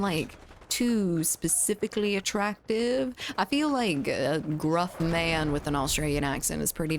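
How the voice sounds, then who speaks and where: A woman's voice: lowish voice, a little hiss or hum. A woman with a Southern US accent streaming a game, chatting playfully and reading chat aloud. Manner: chatty and playful, with frequent laughs. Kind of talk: casual chat while gaming, reading chat aloud.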